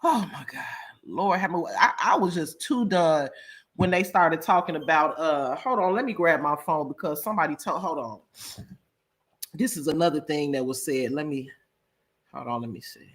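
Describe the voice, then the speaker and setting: Her deep, husky voice is expressive and moves at normal speed as she hosts a casual live-stream reaction chat. She talks in a gossipy, dramatic way, laughs loudly and often, and alternates loud outbursts with quiet asides.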